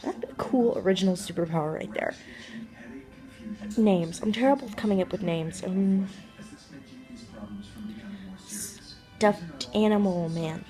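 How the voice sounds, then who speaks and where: A woman's voice: medium pitch, measured pace, pauses often, over music, low-quality recording. A woman vlogger musing aloud in a casual, jokey monologue, rambling and trailing off as she thinks.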